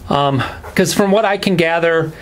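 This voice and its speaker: A man's voice: on the high side, normal speed. A man interviewing a guest, cutting in with short prompts. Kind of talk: interview questions.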